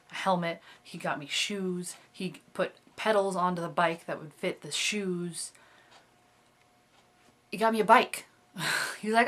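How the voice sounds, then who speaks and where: A woman's voice: on the low side, a bit bright. Rambling, chatty young woman vlogging. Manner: rambling and chatty, with many fillers and giggles. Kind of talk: casual video diary.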